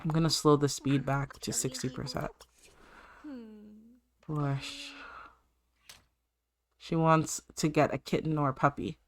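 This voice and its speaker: A woman's voice: low-pitched, level tone, takes it slowly, long pauses, crowd noise. Chatty woman narrating her life-sim game. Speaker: gaming channel host. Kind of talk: let's-play commentary.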